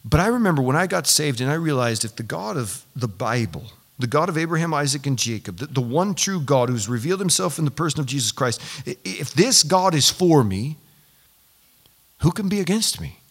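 A man preaching a sermon as pastor, animated and building to loud, emphatic peaks. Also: mid-range voice, a little fast, hardly any pauses. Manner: repeats himself when excited.

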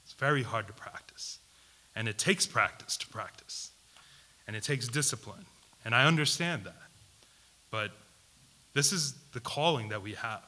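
A man preaching a sermon, putting questions to his listeners and repeating key words for emphasis, swinging between loud and hushed delivery. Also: medium pitch, moderate pace, pauses often. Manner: asks the audience questions, emphatic repetition.

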